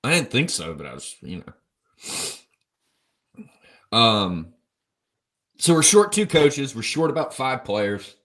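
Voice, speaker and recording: A hungover man co-hosts a casual college football show, joking, rambling, and mocking himself. His mid-range voice is a bit bright, swinging widely in pitch at a normal speed.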